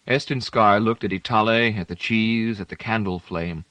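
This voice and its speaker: A man reads literary fiction aloud in a measured, steady way. His voice sits on the low side. The recording is dry, with no room sound. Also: no room sound. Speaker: audiobook narrator. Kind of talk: scripted narration.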